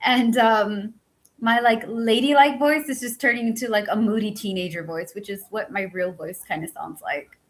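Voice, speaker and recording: A woman reading a spiritual book aloud and chatting between passages. Her voice is squeaky and worn from talking all day, and she swears freely. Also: normal speed, rough recording. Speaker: book-reading channel host.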